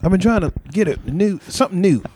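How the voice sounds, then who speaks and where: A man riffs loosely through comic banter. His slightly high voice swings around a lot, and there is a faint hiss behind him. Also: fast. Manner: loose, animated riffing. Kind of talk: casual comedic banter.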